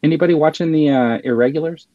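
A man's voice: a little high, fast, no echo. A man hosting a casual chat, rambling with many fillers and restarts. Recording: slightly dull lo-fi sound.

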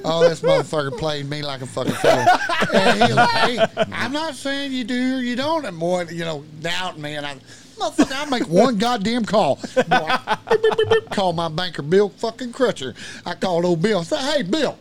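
A man's voice: sits high, fairly quick. Rowdy man telling stories. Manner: animated, swearing, laughing storyteller. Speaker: podcast guest. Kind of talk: profane storytelling chat.

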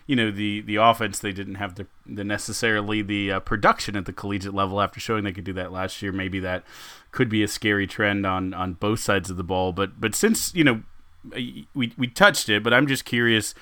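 A podcast host with a smooth, clear and bright voice, sitting fairly low for a man. He jokes and trips over his words as he builds his questions. The sound is dry and close. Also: steady tone, a little fast, no room sound. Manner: joking, stumbling into long questions. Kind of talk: casual podcast chat.

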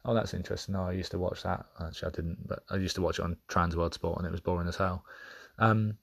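A man's voice: deep voice, steady tone, fast talker, creaky. A man hosting a podcast, talking through a personal monologue in a candid, thoughtful way that halts and restarts as he searches for words. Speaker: podcast host.

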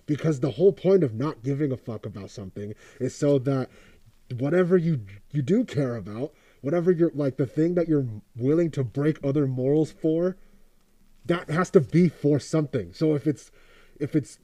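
A man's voice: on the high side, animated, moderate pace, warm tone, no echo. A young man from Oakland, ranting casually with profane, rambling sarcasm. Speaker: commentator. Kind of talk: casual rant.

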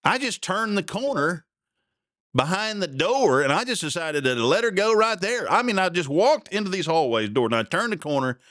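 Man, podcast host, rambling story, self-deprecating, lively pitch, dry sound. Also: moderate pace, dry recording. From Oklahoma. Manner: self-deprecating, chuckling, restarts often.

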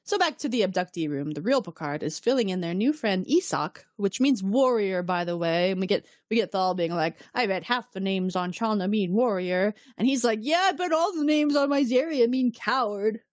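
A woman's voice: medium pitch, lively intonation, moderate pace, hardly any pauses, darkish tone, no echo, clean studio sound. A woman co-hosting a casual podcast, animatedly retelling a story and acting out characters' lines. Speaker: podcast co-host recapping episodes. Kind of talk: casual chat.

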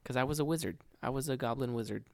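A man's voice: mid-range voice, racing, dry recording. A man co-hosting a podcast, talking in a laid-back, slangy way with many hesitations. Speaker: podcast co-host. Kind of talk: casual chat.

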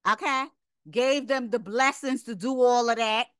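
A woman's voice: on the high side, measured pace, fairly bright tone, no echo, clean studio sound. A woman giving an informal Bible lesson, emphatic and conversational, who repeats her points as rhetorical questions. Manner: conversational, drops into casual asides. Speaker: Bible teacher.

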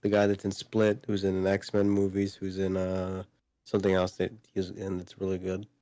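A man's voice: low-pitched, monotone, normal speed, mellow, dry recording. A man co-hosting a casual podcast chat about video games, rambling with lots of fillers and restarts. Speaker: podcast co-host.

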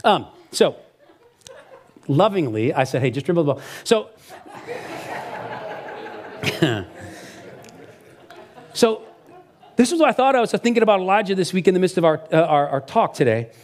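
Male pastor, middle-aged, slightly higher voice, relaxed storytelling sermon, restarts his sentences. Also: normal speed, long pauses. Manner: conversational, animated storytelling with frequent restarts.

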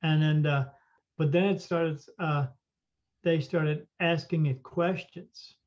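A man with a somewhat high voice tells a story in a loose, rambling way, stopping often for fillers and restarts. The recording sounds dull and lo-fi. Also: steady tone, slow, a little mellow. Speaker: psychic medium guest. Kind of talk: casual storytelling.

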